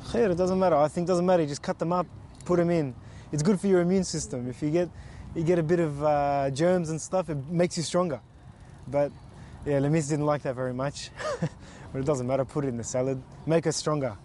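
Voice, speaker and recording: A man's voice: fairly high pitch, steady tone, a little fast, mellow. A man presenting a casual vlog, joking and laid-back. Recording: echoey with background noise.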